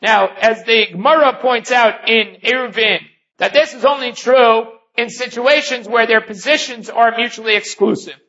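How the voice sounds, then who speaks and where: A man's voice: extremely high pitch, normal speed, bright, forceful tone. A man giving a daily Talmud lesson, explaining each point step by step and weaving in Hebrew and Aramaic terms. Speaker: Talmud teacher. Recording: dull lo-fi recording.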